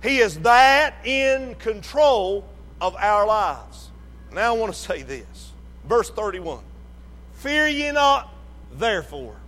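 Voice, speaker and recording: A man preaching a sermon with slow emphatic delivery, rising to shouts and dropping low. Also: big pitch swings, in a large hall.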